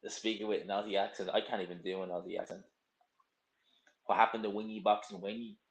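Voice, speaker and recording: A man's voice: on the low side, steady tone, quick pace. Blunt, rambling young man in a roomy space. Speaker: livestream host. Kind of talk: casual live stream chat, reading viewer comments.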